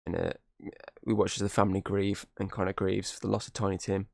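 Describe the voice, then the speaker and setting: Male podcast host, low-ish voice, dry close sound, rambling film recap with quick character impressions. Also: level tone, creaky, no room sound. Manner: rambling retelling with quoted character lines. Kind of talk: casual movie recap.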